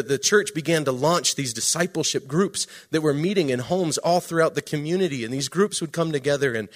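Man preaching with emphatic storytelling. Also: medium pitch. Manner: emphatic storytelling with swings between loud and hushed. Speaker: pastor. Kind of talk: sermon storytelling.

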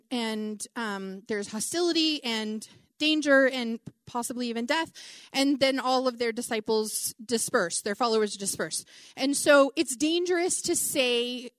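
A middle-aged woman preaching a conversational Bible teaching, animated and chatty, with many asides and "like"s. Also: high voice, dry recording, studio quality.

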